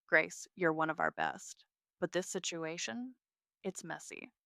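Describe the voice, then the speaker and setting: A woman playing a stern hospital chief who speaks coolly and to the point. The voice is bright and crisp, recorded dry and close. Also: low-pitched, wildly swooping pitch, measured pace, no echo, full character voice.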